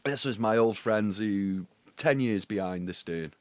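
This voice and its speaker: A man, co-hosting a podcast in relaxed, jokey chat and telling stories. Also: lowish voice, unhurried, dry recording. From England. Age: 40s. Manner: jokey, storytelling, breaks into song. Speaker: podcast co-host. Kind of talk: casual chat.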